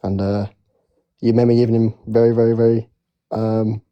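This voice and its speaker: A man's voice: fairly low pitch, flat delivery, normal speed, smooth, dry recording, muffled recording. A man calling in to a live show, hesitant and polite, with many ums. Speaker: caller.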